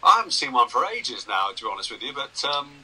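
Over a poor-quality video call, a journalist and broadcaster in his sixties chats through a casual interview. His mid-range voice is husky and sharp, with a sing-song lilt and a quick pace. He swaps anecdotes and pokes fun at himself.

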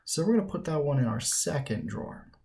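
A man's voice: on the high side, sing-song, fairly quick, vocal fry, darkish tone. A man teaching a recorded Latin grammar lesson, patient and methodical, often checking in with the listener.

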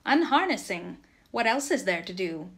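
A woman voicing a weary, dogged peasant workman who calls out loudly and urges his companions on in a storybook reading. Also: medium pitch, sing-song, moderate pace. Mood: urgent, weary. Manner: calling out loudly, urging.

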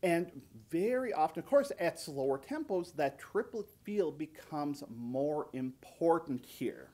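A man's voice: on the high side, very animated, unhurried, mellow. A man teaching a jazz practice tip, explaining rhythm and scatting and counting beats aloud. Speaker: trombone teacher. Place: music shop.

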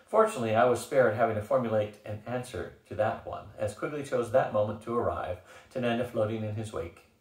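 A man reading first-person audiobook narration with an expressive, wry touch. His voice sits low. The recording carries a roomy echo. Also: a little fast, distant mic.

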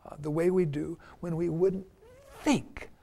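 An older man speaks as a guest minister in a relaxed faith discussion. His voice is gravelly and sits a little high for a man. He talks earnestly and warmly engaged with his co-host. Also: a little slow, a little hiss or hum. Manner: earnest, acts out quoted people in lively bursts. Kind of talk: casual spiritual discussion.

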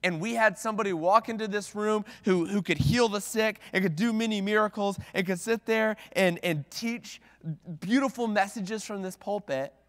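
High-voiced man preaching in a reverberant church. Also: moderate pace. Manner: conversational, with many "like"s and restarts. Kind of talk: sermon. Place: church sanctuary at the pulpit. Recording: long reverb of a church hall.

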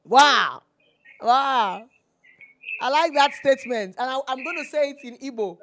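A Nigerian woman hosting a TV call-in advice show, animated and preachy, slipping into Pidgin. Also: sits high, measured pace. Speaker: talk show host. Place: TV studio.

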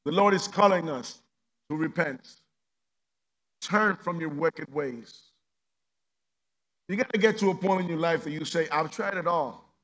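A male pastor preaching a sermon with passion, swinging from loud emphatic peaks to hushed low passages and repeating rhetorical questions. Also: unhurried, long pauses.

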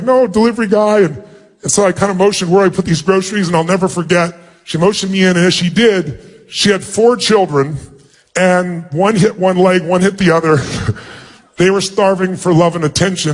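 A man speaking as a motivational speaker, telling an emotional personal story to an audience in an earnest way. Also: fairly quick. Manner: earnest, emotional storytelling, pitch jumps up when acting out dialogue.

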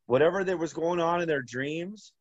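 A man with a fairly high voice tells a long story in a loose, rambling way, stopping and restarting often. The sound is dry and dull, as if recorded close up on modest gear. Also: dry recording. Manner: rambling, halting, full of "like" and restarts. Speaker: interview guest. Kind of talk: casual storytelling.

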